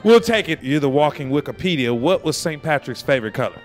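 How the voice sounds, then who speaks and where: A man's voice: fairly high pitch, animated, quick pace, faint music behind. A man hosting a man-on-the-street interview, joking and teasing the people he stops outdoors.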